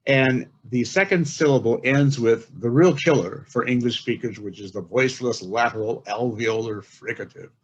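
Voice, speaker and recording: An older man giving a webinar talk from home, explaining carefully with many pauses and fillers. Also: mid-range voice, breathy edge. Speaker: guest speaker. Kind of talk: webinar lecture. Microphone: home computer mic on a video call. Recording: dull lo-fi call audio.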